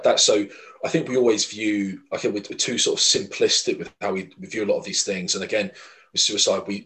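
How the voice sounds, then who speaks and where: Earnest rambling man, lowish voice. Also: a bit bright, poor audio. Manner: earnest, rambling, frequent fillers and restarts. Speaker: podcast co-host. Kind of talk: casual podcast chat.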